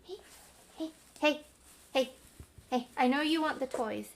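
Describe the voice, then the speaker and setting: A young woman on a webcam call at home hosts an online party for her dog, casually chatting while cooing at him and giving him commands. Her voice is high-pitched and her pace measured.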